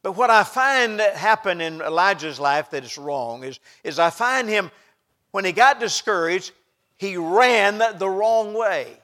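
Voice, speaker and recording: A middle-aged man delivers a sermon in a noticeably high voice. He preaches with passion, rising to loud outbursts and then dropping to hushed asides. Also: expressive, a little slow.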